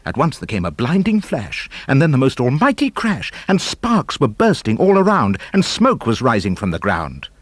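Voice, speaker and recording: A man reading children's comic verse with a very animated, theatrical delivery, his pitch leaping and dropping with the rhythm. His voice sits at a middle pitch, and the studio sound is close and dry. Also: normal speed, hardly any pauses, dry recording. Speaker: audiobook narrator. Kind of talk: expressive storybook verse reading.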